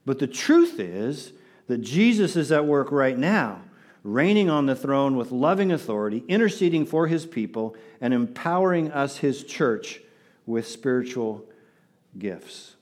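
A man's voice: medium pitch, sing-song, a little slow, a little mellow. A man preaching a sermon to his congregation in an earnest, repetitive way, often asking them to respond. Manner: earnest, repeats words, asks the congregation to respond. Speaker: pastor.

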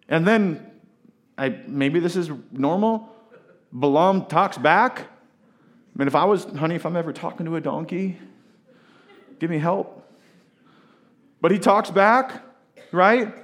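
A man preaching a sermon, retelling a scripture story in a casual, animated way with asides to his listeners. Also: a little high, a little slow, long pauses. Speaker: pastor.

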